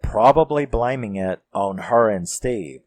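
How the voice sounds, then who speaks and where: A man casually recapping a horror movie. He speaks slowly in a low voice and swears freely. His storytelling stays animated throughout. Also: no room sound. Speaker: film reviewer.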